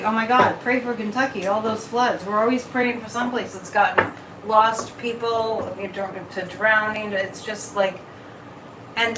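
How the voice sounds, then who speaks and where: A woman hosting a casual live stream as a psychic, talking in an animated way, repeating words and reading viewer comments. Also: a little high, noisy background. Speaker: psychic livestream host. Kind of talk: casual livestream chat. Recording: echoey room, mic at a distance.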